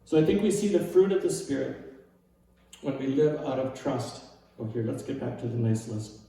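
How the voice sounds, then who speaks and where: Man preaching a relaxed sermon. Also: medium pitch, normal speed, creaky, heavy reverb, distant mic, poor audio. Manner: casual and self-deprecating, with frequent "right?" asides. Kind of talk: conversational sermon.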